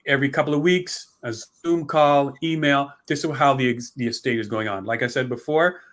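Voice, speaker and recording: A man's voice: medium pitch, normal speed, a bit bright. Rambling man explaining estates. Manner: rambling, restarts often, acts out complaining beneficiaries. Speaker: author and guest on estate planning. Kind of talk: conversational interview.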